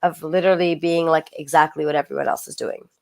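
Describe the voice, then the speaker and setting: Woman co-host, casual chat, low-ish voice, animated and filler-heavy. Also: quick pace, creaky. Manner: animated, laughing, lots of "like". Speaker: podcast co-host.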